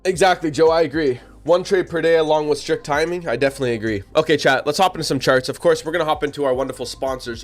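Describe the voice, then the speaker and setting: Talking fast with hardly any pauses, a man with a fairly high-pitched voice hosts a live trading stream as soft music plays behind him. His casual commentary speaks directly to chat, slangy and repetitive, broken by occasional hiccups.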